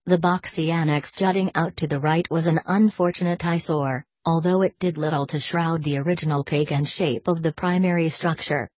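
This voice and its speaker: A woman narrating an audiobook in a measured, steady reading voice. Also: low voice, no echo.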